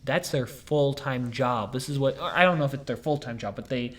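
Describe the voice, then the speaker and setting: A young man hosting a casual podcast, rambling through stories and acting out quotes in high voices. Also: moderate pace, a bit bright. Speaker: podcast host.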